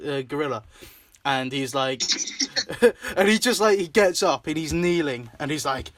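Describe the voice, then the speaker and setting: A young man with a slightly higher voice hosts a loose, casual chat. He laughs a lot, swears freely and keeps slipping into quick impressions of characters. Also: lively intonation, fairly bright tone. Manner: laughing, swearing often, acting out scenes in voices. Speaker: host.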